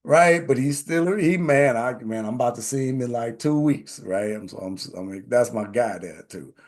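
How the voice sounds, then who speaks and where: A man in his forties hosting a live online session, telling personal stories in a casual, animated way and often asking "right?". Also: medium pitch, normal speed, hardly any pauses. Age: 40s. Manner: animated, repeats phrases, says "right?" often. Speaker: host.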